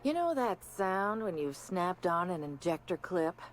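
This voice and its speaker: Guy doing a scottish gun shop dude, breathy, kinda hushed and far off. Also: high-pitched, big pitch swings, a little slow, a little hiss or hum, voice pushed up. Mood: admiring. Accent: put-on Scottish. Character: male weapon-mod vendor, fond of his guns. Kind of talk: reading game dialogue aloud.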